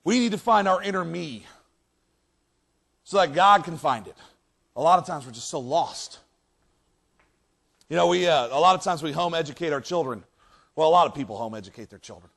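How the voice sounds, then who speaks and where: A man preaching a sermon as pastor in a church, reading scripture aloud and acting out lines with many restarts and animated emphasis. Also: a little high, fairly quick, creaky, long pauses. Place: church sanctuary.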